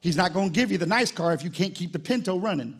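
A man, a pastor preaching a live sermon at a church service in an animated, conversational storytelling way. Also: sits high, fast, slightly rough.

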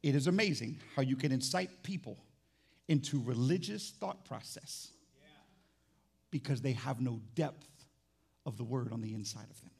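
A man, a pastor, preaching a sermon in church, animated and conversational, teasing the congregation and swinging between quiet asides and loud emphatic lines. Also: mid-range voice, moderate pace, creaky, long pauses, husky.

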